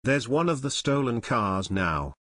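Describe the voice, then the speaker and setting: A man's voice: mid-range voice, very animated, a little slow, fairly bright tone, no echo. A man voicing a smug, bumbling would-be detective who is sure of his own deductions. He sounds pompous and self-satisfied. The audiobook recording is dry and close.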